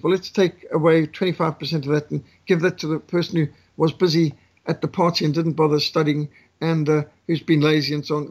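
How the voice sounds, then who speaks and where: A man with a husky voice pitched a little high, lecturing as a guest. He drives his points home through repetition, with the steady cadence of a preacher. Anecdotes and jokes are woven into the argument. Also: lo-fi sound. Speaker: guest speaker, missionary.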